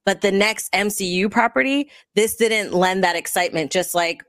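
A woman's voice: mid-range voice, no room sound, clean studio sound. A woman hosting a podcast, chatting casually and animatedly about a movie with her co-hosts. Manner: animated, chatty, quick asides. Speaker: podcast host. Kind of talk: casual movie review chat.

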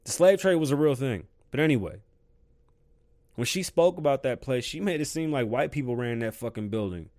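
A man hosting his own show, ranting his opinions heatedly and swearing constantly, swinging between loud outbursts and quiet stretches. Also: mid-range voice, lively intonation, fairly quick. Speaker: show host. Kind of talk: profane opinion rant.

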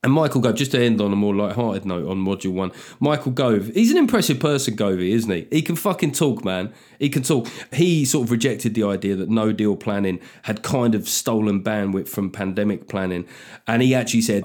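A man's voice: on the low side, lively intonation, a little fast, darkish tone. A man hosting a comedy podcast, delivering a sardonic, sweary comic monologue.

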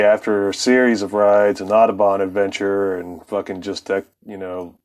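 A man's voice: deep voice, rough recording. A man telling a story as a podcast host, with loose, rambling, heavily profane casual talk and frequent laughs.

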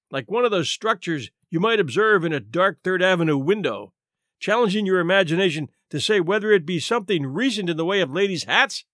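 Male narrator, animated theatrical reading, fairly high voice, dry close studio sound. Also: no room sound. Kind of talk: scripted narration.

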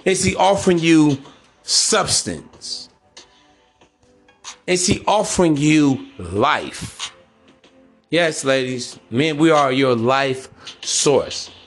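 A man's voice: a little high, lively intonation, drawn-out words, pauses often, faint music behind. Blunt, preachy slang-talking man. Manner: blunt, preachy, slangy, acts out mocking voices. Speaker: podcast host. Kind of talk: casual monologue.

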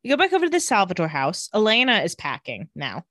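A woman's voice: medium pitch, wildly swooping pitch, fast, pushed and bright, no room sound, clean studio sound. Sassy woman podcast co-host. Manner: playful, sassy retelling. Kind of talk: casual TV recap chat.

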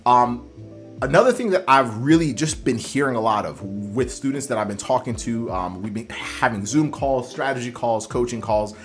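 A man's voice: mid-range voice, lively intonation, moderate pace, over music. A man coaching students applying to physical therapy school, talking earnestly with many fillers and restarts. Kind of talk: motivational coaching talk.

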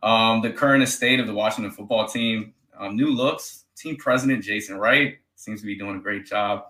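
Bright-toned male host in an echoey room. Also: lowish voice, normal speed. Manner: easygoing, asks long rambling questions. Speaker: podcast host. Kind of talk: casual interview.

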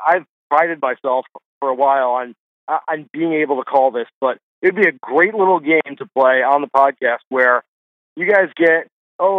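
A man with a fairly high voice tells stories chattily, stumbling and restarting as he goes. He comes through a dry, tinny phone line. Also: no room sound. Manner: chatty storyteller, quick restarts. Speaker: golf writer guest. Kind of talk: casual podcast interview chat.

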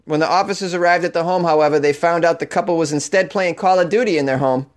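A podcast host reading a news story in an exaggerated put-on Boston accent, mock-serious. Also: male voice, on the high side, fast, voice pushed up, natural voice.

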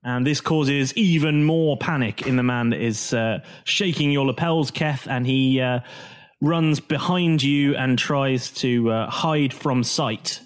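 A man's voice: medium pitch, takes it slowly. A man running a tabletop game as dungeon master, narrating scenes and laughing often.

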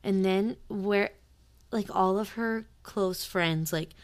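A woman with a mid-range voice talks animatedly as a podcast co-host. She fills her sentences with "like" and swears now and then. She sounds warmly excited in casual chat. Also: medium pitch, slow pace. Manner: animated, swears, many fillers.

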